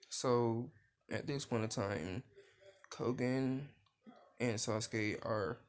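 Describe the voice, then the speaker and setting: A man casually retelling a fan story he made up, rambling, losing his thread and swearing now and then. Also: medium pitch.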